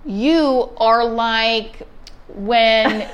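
A woman comedian telling stories as a podcast guest, talking fast and dramatically and acting out the people she quotes. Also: fairly high pitch, highs cut off. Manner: rapid, dramatic, acts out quotes with big swings. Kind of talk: animated storytelling chat.

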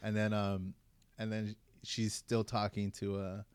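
A man's voice: on the low side, smooth, dry recording. A man co-hosting a casual movie rewatch chat, animatedly acting out lines from scenes. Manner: animated, acts out movie lines in quick put-on voices. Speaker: podcast co-host.

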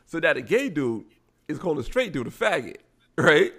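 Gravelly male podcast co-host, casual storyteller who acts out quotes. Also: a little high, fast talker. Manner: animated storyteller acting out quotes.

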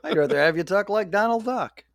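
An easygoing man in casual conversation, posing playful questions with a lively, swinging intonation. He is recorded close and dry. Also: high-pitched, a little fast, no room sound. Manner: easygoing, asks playful questions, laughs often. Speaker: podcast co-host. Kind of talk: casual chat.

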